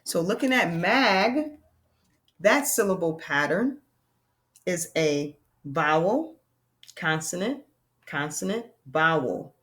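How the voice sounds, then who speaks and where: A woman with a fairly low voice leads a children's reading lesson. She is lively and playful, and she slows right down to stress the key words for young learners. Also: slight background noise. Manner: animated, playful, speaks slowly on key words. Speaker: teacher.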